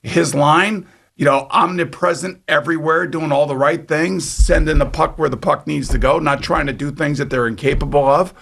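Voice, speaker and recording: An older man hosting sports radio, talking in an excitable, rambling, mock-indignant way. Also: a little high, normal speed, gravelly, slight background noise.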